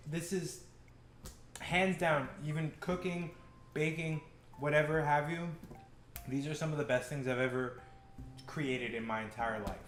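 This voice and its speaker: A man's voice: fairly high pitch, fairly even intonation, a little slow, pauses often, fairly bright tone, a little hiss or hum. A young man hosting a casual home cooking vlog, talking loosely with stumbling restarts and bursts of swearing. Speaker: cooking show host. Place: home kitchen. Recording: roomy kitchen echo, faint background music.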